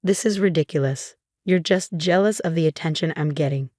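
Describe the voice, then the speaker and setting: A bitter, deceitful young woman who turns spiteful when cornered, as a woman reads her lines. The voice sits low and is recorded close and dry, in a plain storybook narration. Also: fairly quick, mellow, no echo. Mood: defensive. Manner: defensive and spiteful.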